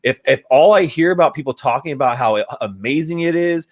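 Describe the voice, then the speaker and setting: A man talking casually about crypto communities, relaxed and rambling, with many fillers and restarts, swearing bluntly at times. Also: fairly high pitch, brisk. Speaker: NFT podcast guest. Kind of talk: casual chat.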